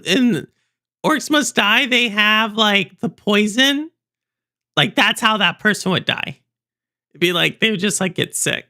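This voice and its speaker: A woman's voice: fairly high pitch, pushed and bright. A young woman hosting a livestream, rambling and chatting with viewers, laughing often. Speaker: livestream host. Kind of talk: casual stream chat.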